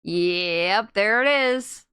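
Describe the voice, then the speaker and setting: A woman's voice: medium pitch, expressive, drawn-out words, pushed and bright, slight background noise. A young woman streamer chatting casually and giggling as she plays a game and reads chat aloud.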